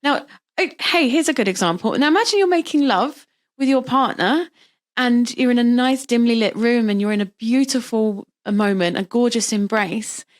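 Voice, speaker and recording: A middle-aged woman, a birth practitioner, talking casually as an interview guest and explaining with lively, vivid examples. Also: on the high side, normal speed.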